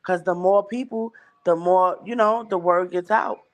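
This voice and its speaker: A woman's voice: on the low side, fairly even intonation, moderate pace. A woman hosting a livestream, talking bluntly and emphatically and swearing heavily. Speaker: livestream host. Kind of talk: casual chat.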